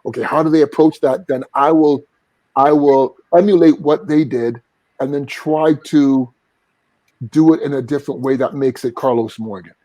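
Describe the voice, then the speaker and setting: Male singer-guest, earnest and reflective, mellow tone, dry studio. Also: medium pitch, measured pace, no room sound, poor audio. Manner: earnest, reflective, sings short vocal examples. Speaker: singer and vocal coach, guest. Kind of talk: casual interview talk.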